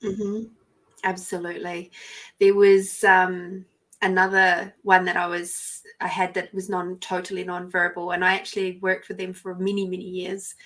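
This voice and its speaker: Soft-spoken Australian woman telling a story. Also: fairly low pitch, monotone, normal speed. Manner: soft-spoken, reflective, drops to near whispers. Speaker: podcast host. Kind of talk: casual storytelling.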